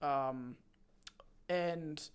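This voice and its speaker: A man's voice: fairly high pitch, very slow, clear, resonant tone. A young man in his twenties, hosting a stream and rambling through a story with lots of fillers and restarts. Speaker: streamer host. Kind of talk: casual chat.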